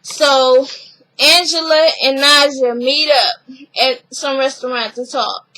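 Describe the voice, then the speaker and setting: A young woman vlogger recapping a reality show in casual chat, blunt and animated, swearing freely and laughing often. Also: high-pitched, takes it slowly, poor audio.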